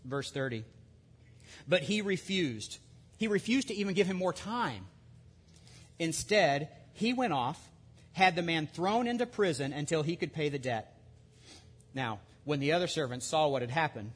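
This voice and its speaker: A man preaching a sermon in a conversational way, with lively asides and restarts. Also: fairly high pitch, moderate pace, husky. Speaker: pastor.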